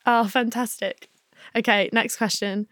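Woman, higher voice, podcast host, enthusiastic, dry close sound, soft music under. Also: steady tone, measured pace, dry recording. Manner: enthusiastic, laughs often. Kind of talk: interview hosting.

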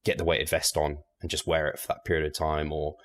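A man, a guest on a podcast, talking in a relaxed, measured way with light laughs. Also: extremely low pitch. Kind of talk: casual podcast interview.

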